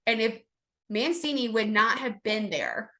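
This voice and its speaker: A woman co-hosting a casual sports chat podcast, rambling and excitable, with lots of fillers and restarts. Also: fairly high pitch, unhurried. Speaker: podcast co-host.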